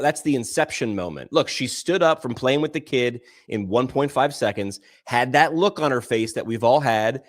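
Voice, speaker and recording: A man co-hosting a podcast, telling stories and arguing his points emphatically, often jumping up in pitch and volume. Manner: emphatic, animated storyteller with big swings in pitch and loudness. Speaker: podcast co-host. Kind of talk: casual podcast discussion.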